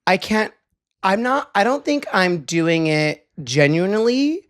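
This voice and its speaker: A man's voice: high voice, big pitch swings, unhurried, a bit bright. A young man co-hosting a podcast, telling a story in a casual, rambling way full of "like". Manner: rambling storytelling with many likes. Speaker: podcast co-host. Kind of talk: casual chat.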